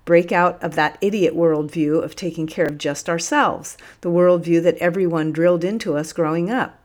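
A boisterous, hefty male prisoner who bursts out in excited exclamations and friendly teasing, as a woman reads him in an audiobook. The voice sits fairly low and never strays far from the reader's own. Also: normal speed, lightly acted. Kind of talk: audiobook character voice.

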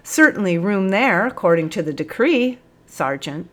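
A woman voicing a quick, eager male police corporal who fires back replies in a storybook reading. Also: medium pitch, big pitch swings, a bit bright.

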